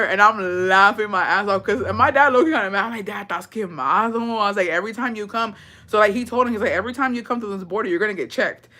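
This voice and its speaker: A young woman telling a story casually to her viewers, swearing freely, dropping in Spanish words and laughing as she goes. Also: mid-range voice. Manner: profane, slangy, mixes in Spanish words; animated retelling, laughs often. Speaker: vlogger.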